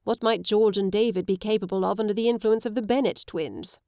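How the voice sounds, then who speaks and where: A woman voicing a worried gentleman in an audiobook, anxious and exclamatory. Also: mid-range voice, steady tone, fairly quick, dry recording, studio quality, close to an everyday voice. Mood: fretful. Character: worried gentleman, fretful and protective.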